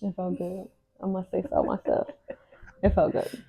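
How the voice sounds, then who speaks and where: A woman's voice: lowish voice, little pitch movement, moderate pace, dark tone, husky, no room sound, low-quality recording. A young adult woman co-hosting a podcast, sharing candid, emotional, faith-filled stories in casual chat. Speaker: podcast co-host.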